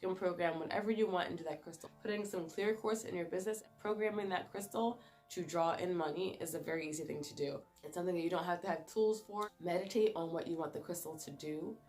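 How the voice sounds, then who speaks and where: A woman with a low, deep voice talks in a relaxed, chatty way as she shows things to the camera. She explains each step warmly and keeps the pace easy. Faint music plays underneath. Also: quick pace. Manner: chatty, warm explaining, showing stones to camera. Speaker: crystal vlogger. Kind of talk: casual how-to talk.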